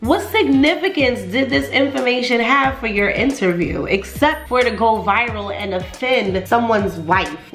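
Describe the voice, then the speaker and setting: Sassy gossiping woman in an echoey room. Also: a little high. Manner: sassy, incredulous, laughs often, curses freely. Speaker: celebrity gossip host. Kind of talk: casual gossip commentary.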